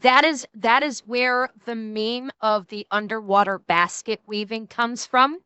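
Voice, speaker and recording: A woman streamer chatting casually and reacting to clips, animated and jokey, repeating herself as she goes. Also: a little high, unhurried, smooth, no room sound.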